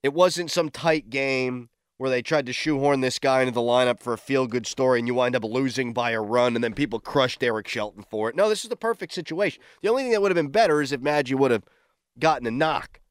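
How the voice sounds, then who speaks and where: A man hosting a morning sports talk radio show, excitable and quick to shout in disbelief. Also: mid-range voice, clear, resonant tone, dry recording, studio quality.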